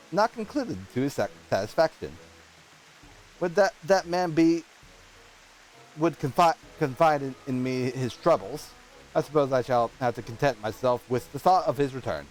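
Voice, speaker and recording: A man's voice: fairly high pitch, normal speed, soft background music, natural voice, poor audio. A man voicing a polite, proper male noble patron, reading game dialogue aloud in a formal manner and stumbling over words. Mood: gracious.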